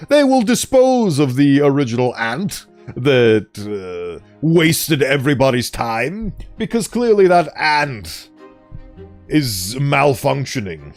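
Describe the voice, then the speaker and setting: A man's voice: medium pitch, darkish tone. A man streaming a game, chatting playfully and telling a theatrical story. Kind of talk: casual game commentary.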